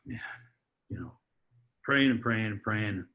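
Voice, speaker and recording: A man on a podcast, telling a heartfelt personal story in a halting way, full of restarts and repeated words. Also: lowish voice, bright, forceful tone. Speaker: podcast guest, father. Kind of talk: heartfelt personal testimony in conversation.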